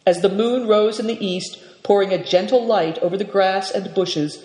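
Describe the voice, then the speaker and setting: A storyteller reading a children's novel aloud in a steady, expressive way. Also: medium pitch, moderate pace. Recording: echoey room with long reverb.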